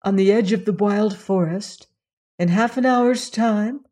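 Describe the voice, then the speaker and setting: A woman voicing a young princess, earnest and tender, speaking gently in old-fashioned words. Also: mid-range voice, unhurried, close to an everyday voice. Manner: gentle, questioning, archaic speech.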